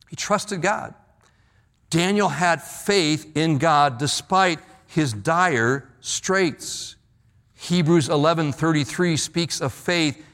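A man preaching a sermon in an earnest, emphatic way. His voice sits a little higher than most men's. He often reads scripture aloud and stresses the key words. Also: a bit bright. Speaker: pastor.

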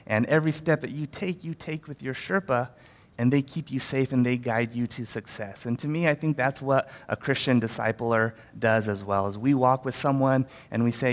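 Male pastor, mid-pitched, chatty sermon delivery with lots of um's, long room reverb. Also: moderate pace. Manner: conversational, with frequent fillers and acted-out quotes.

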